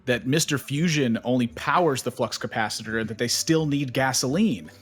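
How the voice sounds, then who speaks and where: A man casting a card game tournament live, chatty and prone to sudden high exclamations. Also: moderate pace, husky, soft background music. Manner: excitable, jumps into high exclamations. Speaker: esports caster.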